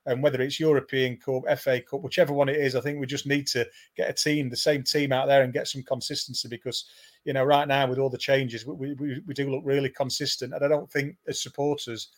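A man's voice: mid-range voice, level tone, brisk. Hesitant man giving football opinions. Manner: hesitant, repeats words before getting going. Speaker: co-host and football pundit. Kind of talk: casual football discussion.

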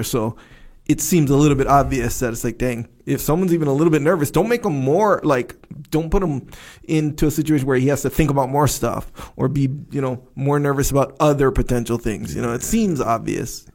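A man with a medium-pitched, slightly mellow voice co-hosts a podcast. He chats casually and rambles, using lots of fillers and laughing often.

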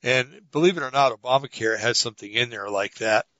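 A man's voice: medium pitch, a little fast, a bit bright, dry recording. Talk-show co-host, male, tense edgy voice, chatty storyteller, dry close mic. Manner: rambling storyteller, many fillers and restarts. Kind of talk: casual political talk. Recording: dull lo-fi audio.

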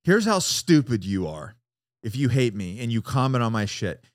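A man guest on a casual podcast, profane and animated, often acting out what others said. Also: medium pitch, normal speed, dry recording, clean studio sound. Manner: profane, animated, acts out quotes. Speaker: guest, former Marine.

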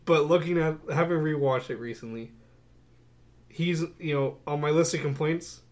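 A young man co-hosting a podcast, chatting casually about movies with a wry, sarcastic, animated delivery. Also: on the high side, normal speed. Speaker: podcast co-host. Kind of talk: casual movie-review chat.

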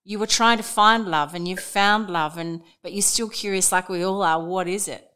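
A woman hosting a podcast, asking thoughtful, measured questions of her guest. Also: medium pitch, fairly even intonation, pushed and bright, smooth. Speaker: podcast host. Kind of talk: podcast interview.

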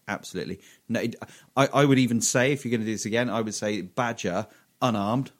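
A man's voice: on the low side, fast. A man co-hosting a podcast, rambling through silly stories in casual chat with lots of swearing and laughter. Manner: sweary, giggly, rambling storyteller. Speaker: podcast co-host.

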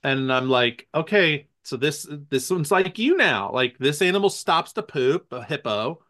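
This podcast co-host has a fairly high voice and takes his time speaking. The conversation is casual, and he laughs a lot while spinning animated, energetic stories.

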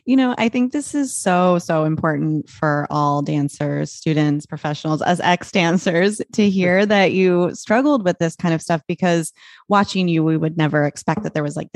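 A woman's voice: sits low, darkish tone, no echo, studio quality. A woman co-hosting an interview, speaking earnestly and reflectively. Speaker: podcast co-host. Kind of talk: casual interview.

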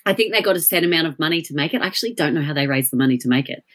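Low-voiced Australian woman chatting. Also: expressive, racing, a bit bright. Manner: chatty storyteller with frequent fillers and restarts. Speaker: guest. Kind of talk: casual podcast chat. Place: at home.

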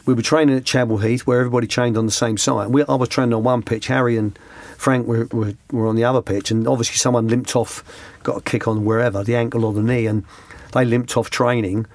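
A man's voice: mid-range voice, steady tone, fast, darkish tone, no room sound. A middle-aged man, a former youth coach telling rambling interview anecdotes with many restarts. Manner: rambling, restarts, slips into quoted voices. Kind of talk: conversational anecdotes.

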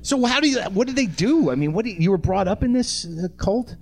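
A man's voice: high-pitched, animated, brisk, darkish tone. A man in his forties hosting a comedy podcast live on a theatre stage, riffing with the audience in a profane, sardonic way. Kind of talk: live stand-up banter with audience.

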